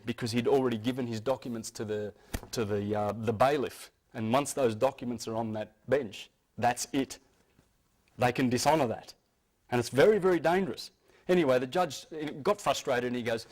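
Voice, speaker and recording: A man's voice: mid-range voice, fairly quick. A man lecturing with emphatic insistence. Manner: emphatic, insistent, with frequent restarts. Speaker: speaker. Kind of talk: lecture to an audience.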